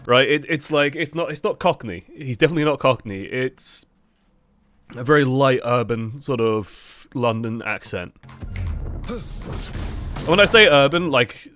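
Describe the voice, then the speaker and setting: A man's voice: medium pitch, a little slow, dry recording, soft background music. Chatty male streamer, dry sound. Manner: chatty and animated, full of "like" fillers. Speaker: gaming streamer. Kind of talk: casual gaming chat.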